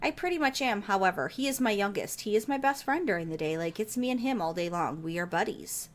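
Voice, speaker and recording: A woman's voice: mid-range voice, lively intonation, quick pace. A woman in her thirties hosting a podcast, telling a casual, profane story with laughter. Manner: laughs while telling stories. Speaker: podcast host. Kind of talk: casual chat.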